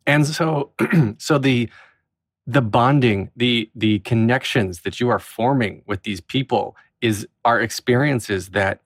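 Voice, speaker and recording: A man hosting a podcast interview, asking questions and reflecting in a measured, conversational way. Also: mid-range voice, dry recording, studio quality. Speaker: podcast host.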